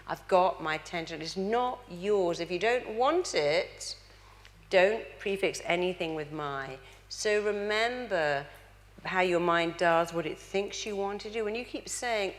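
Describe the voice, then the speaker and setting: A middle-aged woman giving a motivational talk to a live audience, acting out the lines she quotes. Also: medium pitch. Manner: animated, acts out quoted dialogue. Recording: long hall reverb.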